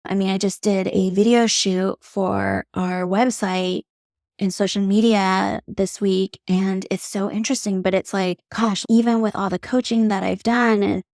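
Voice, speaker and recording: A woman's voice: mid-range voice, a little slow, darkish tone, no room sound, clean studio sound. A young adult woman hosting her own podcast, telling personal stories in a candid, heartfelt way with casual swearing. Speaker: podcast host, beauty artist. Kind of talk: solo podcast monologue.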